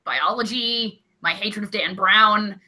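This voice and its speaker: A young woman co-hosting a comedy podcast, chatting casually and animatedly, gleefully ranting and breaking into loud exclamations. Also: medium pitch, slow. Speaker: co-host.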